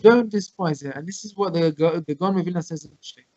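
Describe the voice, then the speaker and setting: A man teaching a Torah class over a video call, explaining with everyday examples and quoting Hebrew texts quickly. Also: high voice, a little mellow, dry recording. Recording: muffled, dry video call audio.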